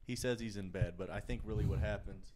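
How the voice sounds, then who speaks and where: A man's voice: lowish voice, quick pace, darkish tone, slight background noise. A man co-hosting a podcast, rambling through a story in casual banter with lots of restarts. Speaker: podcast co-host.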